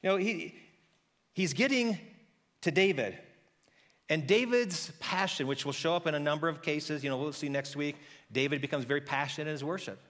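A man preaching a sermon as pastor, telling a story in a lively conversational way and acting out the characters' voices. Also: fairly high pitch, normal speed, big-room sound. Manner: conversational with frequent restarts.

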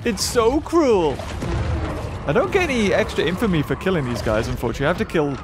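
A man giving excitable gameplay commentary as channel host, laughing often and breaking into shouts. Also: high voice, quick pace. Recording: game music loud behind the voice.

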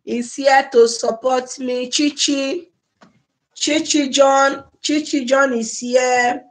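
A woman's voice: high-pitched, fairly bright tone. A Nigerian woman hosting a casual livestream on a phone or laptop mic, repeatedly pleading with and effusively thanking her viewers. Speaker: livestream host.

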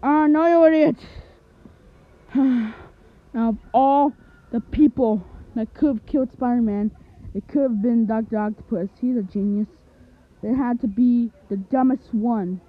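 A woman plays a bossy male superhero who lectures with weary exasperation, in a fan cartoon. The voice is slightly high and recorded thin, like over a phone. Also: a little slow, long pauses. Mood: exasperated. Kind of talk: fan animation voice acting. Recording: tinny lo-fi home recording.

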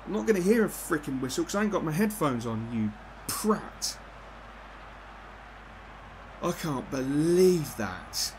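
A man giving live commentary on his own football video game, excitable and quick to swear at the play. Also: medium pitch, a little hiss or hum. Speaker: gaming YouTuber.

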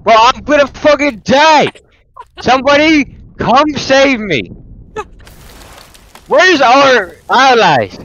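A man in game voice chat, pleading, shouting and cursing at other players. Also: extremely high pitch, very animated, slow, pauses often, muffled recording.

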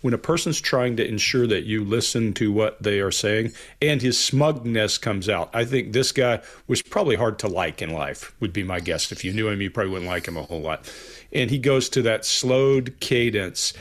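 A man's voice: lowish voice, normal speed. A man in a casual panel discussion, giving a confident analysis of someone's speech cadence. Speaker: body language analyst.

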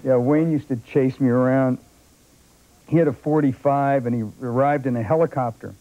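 A guest on a talk show, the older film actor recounts anecdotes at a moderate pace in a mid-range voice. He tells them with animation, acting out other people's voices, on dull lo-fi broadcast tape.

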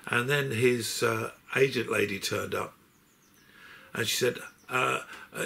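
Speaking slowly in a gravelly, mid-range voice that sounds pushed and bright, an unwell older man works through his box set. He rambles through long anecdotes, often breaking off sentences to restart or correct himself.

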